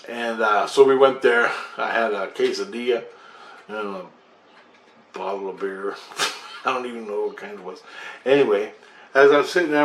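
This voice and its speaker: Man, low voice, casual profane storyteller, Windsor Ontario accent, roomy echoey room. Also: a bit bright. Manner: rambling, profane, laughs at himself, drops to a mutter. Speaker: storyteller recounting a personal experience. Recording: roomy echo, faint background hum.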